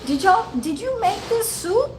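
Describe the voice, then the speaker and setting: A woman imitating a playful old man in a wheelchair who quizzes her in a high, squeaky voice. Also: animated, measured pace, darkish tone, a little hiss or hum. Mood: teasing.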